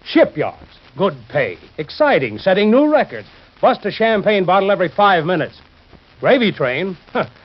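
A principled office boss with a somewhat high voice, firm and lecturing, with a sarcastic edge. The 1940s radio acting comes through a dull, lo-fi old radio recording. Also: male voice, very animated, moderate pace. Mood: stern. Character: older insurance company boss, stern and principled.

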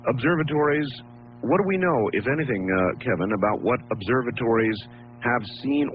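A man hosting a call-in radio show, brisk and conversational as he takes calls and puts questions to his guest. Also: medium pitch. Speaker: radio talk show host. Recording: tinny phone-line radio broadcast with mains hum.

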